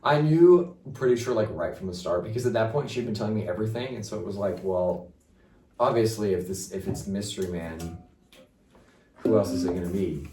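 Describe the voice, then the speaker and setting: A young man telling a story in casual chat, animated and full of filler words. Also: on the low side, brisk. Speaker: guest. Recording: roomy, distant mic.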